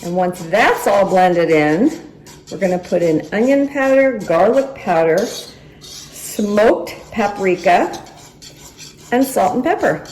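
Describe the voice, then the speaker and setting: A woman's voice: medium pitch, expressive, takes it slowly, a little mellow, a little hiss or hum. A woman hosting a casual cooking vlog from her home kitchen, chatting to viewers as she stirs and films on a handheld phone. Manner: chatty, talks to viewers while stirring. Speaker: cooking channel host. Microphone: handheld phone camera. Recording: echoey kitchen, clattering dishes. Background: utensil and dish clatter.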